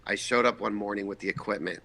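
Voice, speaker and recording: A man in his forties from the Boston area, a guest filmmaker telling a lively, profane anecdote and acting out the voices in it. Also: lowish voice, fast talker, creaky. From Boston area, USA. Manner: animated, profane, acts out voices in his stories. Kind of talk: casual storytelling anecdote.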